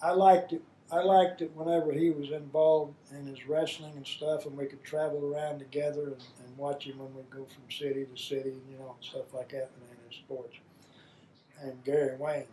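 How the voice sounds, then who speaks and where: A man's voice: on the high side, flat delivery, normal speed, dark tone, a little hiss or hum, poor audio. An older man, a father telling rambling, folksy stories about his children. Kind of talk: reminiscing storytelling.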